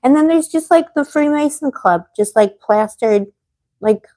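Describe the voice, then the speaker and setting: A woman's voice: high-pitched, lively intonation, measured pace, dark tone. Rambling woman venting on a live stream. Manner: rambling, getting heated and venting. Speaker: tarot reader hosting a live stream. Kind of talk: casual livestream chat answering viewers.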